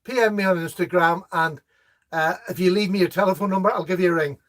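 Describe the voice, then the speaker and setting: A man's voice: high-pitched, quick pace. A middle-aged man, hosting a casual live knife chat, reading viewer comments aloud and laughing at their jokes.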